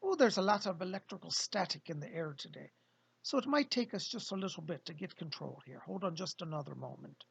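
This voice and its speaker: A man's voice: a little high, animated, a little fast, gravelly, a bit bright, husky, lo-fi sound, full character voice. A man voicing a genial male spirit guide who speaks through a medium, with a hearty, old-fashioned way of greeting. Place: home.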